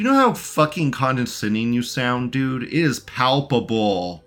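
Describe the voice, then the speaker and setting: A man's voice: medium pitch, big pitch swings, a little slow, hardly any pauses, a bit bright, faint music behind. Man mocking a debate clip casually. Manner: mocking, talks back to the clip. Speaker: commentator reacting to a debate. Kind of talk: casual commentary.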